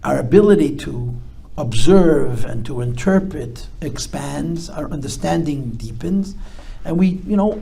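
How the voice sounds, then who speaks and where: A man's voice: fairly high pitch, lively intonation, unhurried, vocal fry, few pauses, warm tone. A man, a rabbi, speaking to a live audience and answering their questions, reflective, with emphatic bursts. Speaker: rabbi giving a talk. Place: talk before a live audience.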